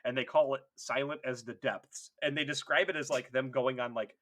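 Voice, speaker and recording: A man co-hosting a casual comedy podcast, animated and swearing, laughing often as he acts out bits. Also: medium pitch, moderate pace. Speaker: podcast co-host.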